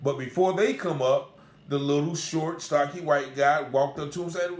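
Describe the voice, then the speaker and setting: A man's voice: a little high, moderate pace. A man earnestly recounting a personal encounter in a casual, repetitive, conversational way. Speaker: storyteller. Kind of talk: casual spoken account. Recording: roomy echo.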